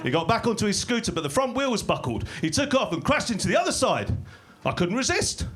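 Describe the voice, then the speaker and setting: A man doing stand-up comedy in a small club, delivering dry, deadpan one-liners that break into sudden shouted bursts. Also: high-pitched, fast. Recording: live club recording with audience laughter. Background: crowd laughing.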